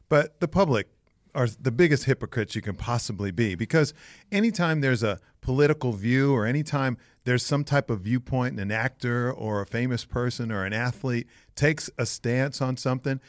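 A man's voice: medium pitch, no room sound, studio quality. A man co-hosting a casual sports podcast, a former player giving laid-back opinions.

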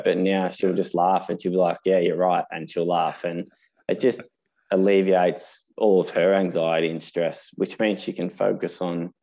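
A man's voice: low-pitched, vocal fry, warm tone. A man hosting a podcast, asking questions and sharing stories in a rambling, conversational way. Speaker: podcast host. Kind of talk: casual interview chat. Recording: dull lo-fi recording.

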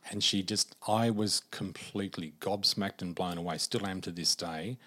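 A man telling a personal story in a podcast interview, animated and dramatic as a storyteller. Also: sits low, normal speed. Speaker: psychic guest.

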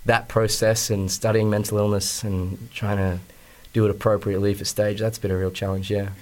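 Chatty young Australian man, lowish voice. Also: little pitch movement, normal speed, a little mellow. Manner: chatty, hesitant with many fillers and restarts. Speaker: actor interviewed about a play. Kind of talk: casual radio interview.

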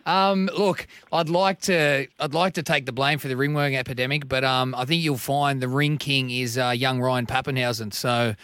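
A man's voice: medium pitch, steady tone, normal speed, hardly any pauses, fairly bright tone, clear, resonant tone. A man, a football player guesting on a radio show, easygoing and rambling with repeated words. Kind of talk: casual radio interview. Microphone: studio mic.

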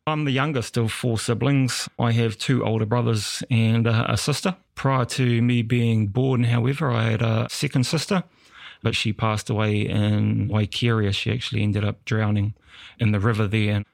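A man's voice: medium pitch, normal speed, gravelly, no echo, studio quality. A man from New Zealand with a New Zealand accent, telling his personal story as a podcast guest and acting out the people he quotes. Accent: New Zealand English. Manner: lively storyteller acting out quoted dialogue, laughing often.

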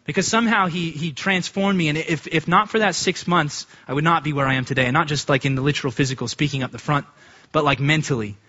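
A man giving a storytelling testimony to a church congregation, from the United States, acting out the voices of people in his story with sudden pitch jumps. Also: quick pace, bright, forceful tone, lo-fi sound.

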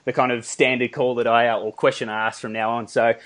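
A man's voice: mid-range voice, little pitch movement, fast talker, fairly bright tone. A man with an Australian accent hosting a podcast, chatty and rambling, laughing often. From Melbourne, Australia. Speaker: podcast host. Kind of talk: casual interview chat.

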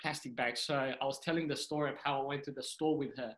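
A young man from Sudan, a stand-up comedian, telling stories in a casual, animated way and acting out the voices of people he quotes. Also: mid-range voice, quick pace, low-quality recording. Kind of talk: casual storytelling chat.

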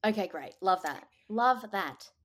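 A woman's voice: medium pitch, animated, unhurried, a bit bright, a little hiss or hum. A woman co-hosting a comedy podcast, playful and teasing in casual chat. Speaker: podcast co-host.

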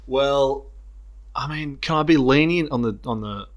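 A man's voice: medium pitch, unhurried, highs cut off. Laughing Australian man telling stories. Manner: laughing often, storytelling. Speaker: podcast co-host. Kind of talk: casual footy banter.

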